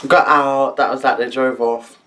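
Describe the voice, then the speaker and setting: A young man telling a story in an animated, laughing way, full of slang. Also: mid-range voice, moderate pace, background noise. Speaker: vlogger. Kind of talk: storytime vlog.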